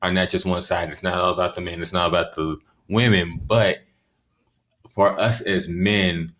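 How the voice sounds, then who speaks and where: Man, very low voice, podcast host, steady questions. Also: moderate pace. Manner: steady, leads the talk and asks questions. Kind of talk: casual chat.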